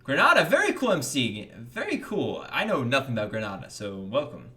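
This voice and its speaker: Young american guy streaming, chatty and upbeat, reading chat, bright voice. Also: wildly swooping pitch, a little fast. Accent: General American. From United States. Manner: upbeat, jumps in pitch when greeting chatters. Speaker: livestream host. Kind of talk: casual livestream chat reading donations.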